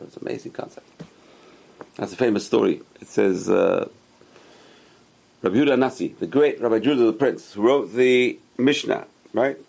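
A man giving a religious Torah class, emphatic and repetitive, rising sharply on stressed words and dropping low on asides. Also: creaky, darkish tone, husky. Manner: emphatic, repeats key phrases. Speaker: religious teacher.

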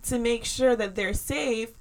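A woman's voice: on the high side, a little slow, low-quality recording. A woman who is a parent, talking in a chatty, rambling way with many fillers in casual conversation.

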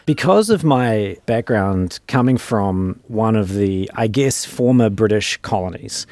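A man with a New Zealand accent who hosts an academic interview podcast and asks questions in a measured, thoughtful way. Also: on the low side, animated, darkish tone, no echo. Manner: measured, thoughtful, with small restarts. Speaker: podcast host, professor.

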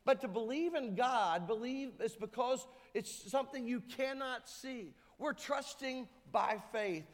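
A man's voice: extremely high pitch, unhurried. A man preaching a sermon to his church, emphatic, sometimes acting out the voices of people in the story. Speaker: pastor. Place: church sanctuary. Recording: hall reverb.

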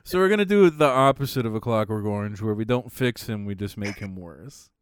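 A young man co-hosting a casual chat, laughing often while telling quick stories. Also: on the low side, animated, slight background noise. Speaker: podcast co-host.

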